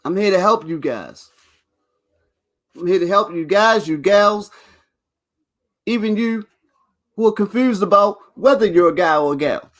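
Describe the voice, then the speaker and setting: A high-pitched, animated, slightly bright voice belongs to a vlog host speaking at a measured pace with long pauses. He rambles and swears in a casual rant to camera, addressing viewers directly and laughing between lines.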